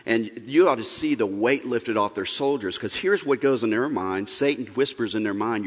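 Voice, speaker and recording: A man's voice: medium pitch, expressive, moderate pace, hardly any pauses. Frank middle-aged man in a reverberant hall. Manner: frank, earnest, plain-spoken. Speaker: parenting workshop speaker. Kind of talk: church seminar talk.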